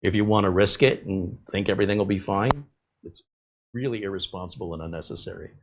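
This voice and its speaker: A man's voice: sits low, fast talker, noisy background. A middle-aged man, a tech host, chatting casually and rambling off on tangents while he works on a computer build. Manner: rambling, conversational, with fillers and tangents. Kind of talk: casual chat while working.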